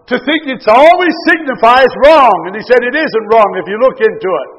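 An older man preaching a sermon, earnest, moving between loud emphasis and quiet asides. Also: very high voice. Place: church. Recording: lo-fi recording with long church reverb.

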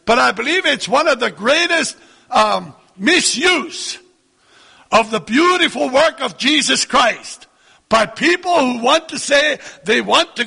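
A man's voice: very high voice, creaky, bright, forceful tone, slightly rough, in a large hall. A man preaching a sermon to his congregation, earnest and repetitive, rising into emphatic lines.

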